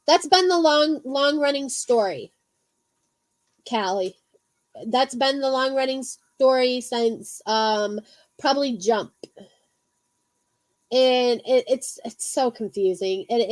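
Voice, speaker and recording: A woman's voice: a little high, darkish tone, dry recording. A woman hosting a casual livestream, rambling with lots of ums and the odd swear word. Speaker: livestream host. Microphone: phone.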